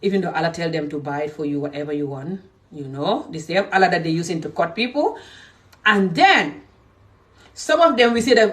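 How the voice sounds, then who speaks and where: A woman's voice: on the low side, expressive, a little fast, fairly bright tone, far from the mic. Fiery woman ranting to camera. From Gambia. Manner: passionate, emphatic, scolding. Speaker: vlogger. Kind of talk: direct-to-camera rant.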